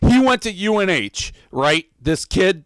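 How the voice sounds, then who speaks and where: A man's voice: high-pitched, big pitch swings, a little slow, fairly bright tone, clear, resonant tone, dry recording, low-quality recording. Profane man ranting, dry close sound. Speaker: show host. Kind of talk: casual sports-blog banter.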